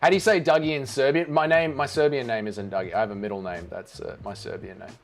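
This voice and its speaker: A man's voice: medium pitch, fairly even intonation, fast talker, vocal fry, a little hiss or hum. A man hosting a casual watch-along livestream, joking around and reading out chat messages. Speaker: livestream host.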